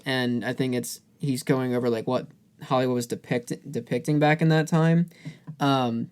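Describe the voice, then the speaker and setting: A man's voice: medium pitch, steady tone, moderate pace, a little mellow, clean tone. Guy cohosting a music podcast, casual rambly chat, lots of likes and ums, normal middle voice. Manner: loose, rambling, many fillers and restarts. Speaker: podcast co-host.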